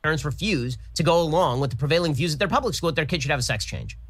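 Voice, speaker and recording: Rapid-fire male political commentator. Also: fairly high pitch, expressive, a bit bright. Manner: rapid, argumentative.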